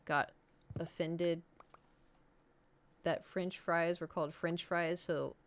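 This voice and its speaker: A woman streaming, chatting casually and animatedly with her viewers. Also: deep voice. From United States. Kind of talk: casual chat with chat.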